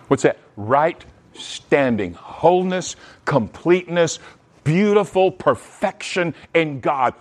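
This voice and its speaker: A man preaching a sermon in an animated way, often restarting his words. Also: fairly high pitch, takes it slowly. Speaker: pastor.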